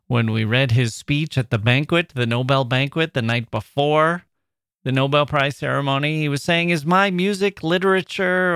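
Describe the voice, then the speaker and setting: A man's voice: medium pitch, a bit bright, no room sound, clean studio sound. A man hosting a literature podcast, talking in a chatty, playful way and quoting people with a lifted voice. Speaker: podcast host. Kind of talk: casual monologue.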